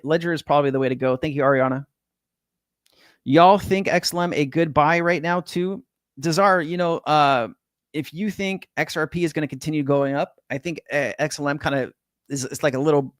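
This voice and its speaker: Chill middle-aged crypto streamer guy, slangy, kinda high voice, dry sound. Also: no echo. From California. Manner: laid-back slang-heavy, swears, says man and bro. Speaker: crypto livestream host. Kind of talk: casual livestream chat reading viewer comments. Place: home in Hawaii.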